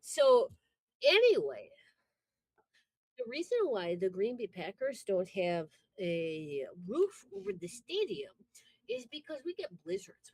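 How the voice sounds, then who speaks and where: A woman from Wisconsin with a Wisconsin accent, co-hosting a casual chat over a remote call and telling stories in an animated, swearing, laughing way. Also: high-pitched, no room sound, poor audio. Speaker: podcast co-host.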